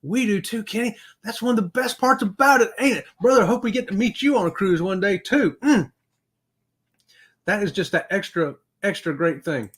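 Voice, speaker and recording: Running a relaxed livestream chat, a middle-aged man speaks at a moderate pace in a husky voice that sits a bit high for a man. He reads out viewer comments in a folksy, upbeat manner, often chuckling.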